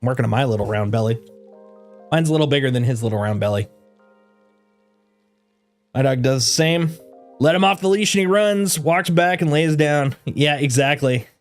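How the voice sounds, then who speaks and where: A man in his own easy streamer voice, sitting mid-range in pitch and chatting to viewers. His sentences ramble and restart, he laughs readily, and he dotes on his dog in cooing baby talk. Faint music plays quietly behind him. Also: animated, moderate pace, pauses often. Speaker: game streamer. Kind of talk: casual livestream chat.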